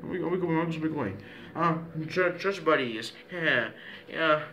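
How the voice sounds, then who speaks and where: A man's voice: fairly high pitch, lively intonation, normal speed, bright, forceful tone, a little hiss or hum. A man recording himself in playful pretend play, rambling and repetitive, with many restarts.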